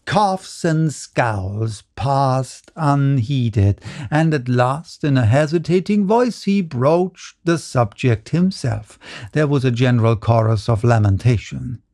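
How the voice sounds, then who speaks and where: A man narrates a short story at an unhurried pace. His delivery is measured and steady, recorded close with no room sound. The pitch is middling. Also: no room sound. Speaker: audiobook reader.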